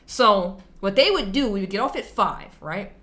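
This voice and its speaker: A woman hosting a reaction video tells a story in a casual, animated, slangy and emphatic way, speaking at medium pitch and normal speed.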